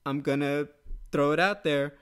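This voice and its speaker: A man hosting a casual MMA podcast, talking quickly and upbeat, tossing questions to his co-host. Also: a little high, fairly bright tone, clean tone. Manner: quick, upbeat, conversational with quoted asides. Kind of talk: casual sports chat.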